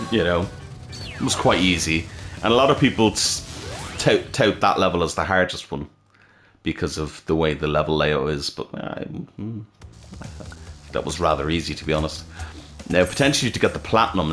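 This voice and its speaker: A man's voice: low-pitched, fairly bright tone. A man hosting a let's play, chatting casually and swearing freely while he plays. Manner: rambling, swears freely, self-correcting. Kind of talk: casual gameplay commentary.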